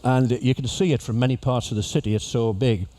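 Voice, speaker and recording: A man's voice: medium pitch, fairly even intonation, fairly quick, warm tone. A man giving a humorous, chatty talk to cruise passengers as an after-dinner speaker. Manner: jokey, chatty storyteller addressing an audience. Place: ship lecture venue.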